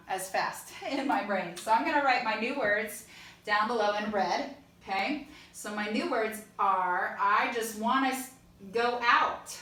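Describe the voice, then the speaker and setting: A woman with a medium-pitched, slightly bright voice gives an online songwriting lesson as a music teacher. She explains step by step and sings short lines to check them, recorded in an echoey room a bit far from the mic.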